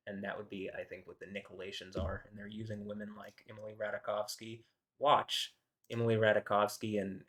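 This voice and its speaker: Brief: indignant man, lowish voice, rambling vlog commentary with lots of fillers. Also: fairly bright tone. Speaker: video host.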